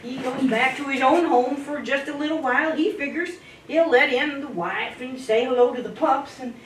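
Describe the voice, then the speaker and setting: A woman at a speaking club telling a folk tale in a dramatic, playful way, swooping in pitch and volume. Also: normal speed. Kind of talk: animated folk-tale storytelling. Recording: echoey room, distant mic, faint hiss.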